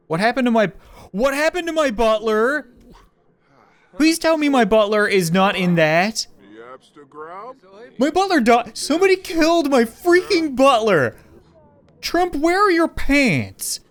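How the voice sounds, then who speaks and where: A young man giving comedic, excitable commentary on a life-sim game, often laughing and exclaiming. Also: sits high. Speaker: gaming YouTuber.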